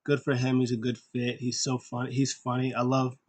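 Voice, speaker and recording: A man talks through a wrestling episode in a loose, unscripted recap. He is enthusiastic and rambling, full of fillers, and he keeps slipping into quick impressions of what people said. His voice sits at an ordinary middle pitch. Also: monotone, breathy edge. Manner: enthusiastic, rambling, many fillers, acts out quotes. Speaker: wrestling show recap host. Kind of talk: casual solo recap commentary.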